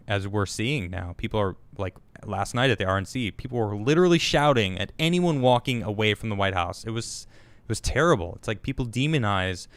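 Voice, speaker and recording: A man in the middle of the pitch range hosts a casual live show, chatting and reacting to viewer comments. His voice is smooth and resonant, he talks haltingly with lots of restarts, and the sound is close and dry. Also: a bit bright, no echo. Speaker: host.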